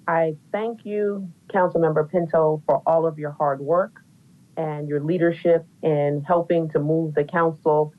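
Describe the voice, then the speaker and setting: Woman commissioner, very low voice, emphatic testimony over a tinny phone line. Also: steady tone, unhurried. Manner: formal and emphatic. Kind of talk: public testimony.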